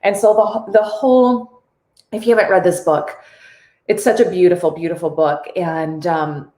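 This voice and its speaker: A woman's voice: lowish voice, reverberant. A woman hosting a casual live stream, earnest and tearful, reading viewer comments aloud.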